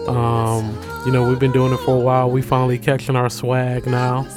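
A man's voice: mid-range voice, completely flat delivery, moderate pace, music in the background. A man co-hosting a podcast in a laid-back, slangy casual chat. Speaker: podcast co-host.

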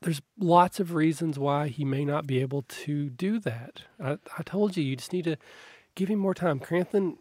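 A man voicing a kind, motherly woman of about fifty who soothes a worried boy in a soft, near-whispered way. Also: a little high, normal speed, dry recording, pitched above the performer's own voice, lightly acted. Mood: soothing.

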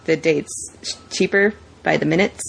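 A woman's voice: sits low, unhurried, creaky, husky. A woman co-hosting a podcast in casual chat, upbeat and laughing along. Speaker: podcast co-host.

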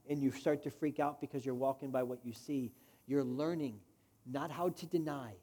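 A man's voice: medium pitch, fairly even intonation, moderate pace, mellow. A man preaching a sermon in a direct, conversational way, putting questions to the congregation. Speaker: pastor.

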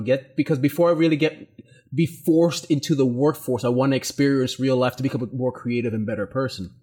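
A man's voice: mid-range voice, a little mellow, close to an everyday voice. A man playing a smug, pompous young heir. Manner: rambling, self-satisfied, with many restarts. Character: entitled 32-year-old male heir, self-important and pompous. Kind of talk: in-character role-play.

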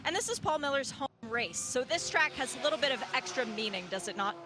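Fast-talking woman reporting from the pit lane. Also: high voice, lively intonation. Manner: brisk, friendly questioning. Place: pit lane at a race track. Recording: race car noise behind.

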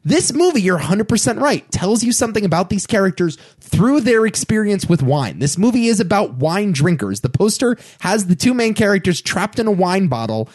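A man co-hosting a casual movie podcast, animated and swearing freely as he reads out film details and jokes. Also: sits high, a little fast, hardly any pauses. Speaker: podcast co-host.

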